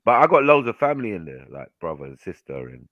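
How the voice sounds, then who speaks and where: A man chats as a guest on a live online panel over a video call, joking in slang and laughing often. His pitch moves around a lot from line to line. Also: big pitch swings, quick pace, lo-fi sound. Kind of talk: casual chat.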